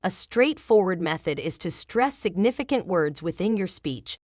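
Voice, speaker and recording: Woman, scripted book-summary narration, smooth polished delivery, animated intonation. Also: on the low side, moderate pace, no room sound, studio quality. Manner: even, polished reading without fillers.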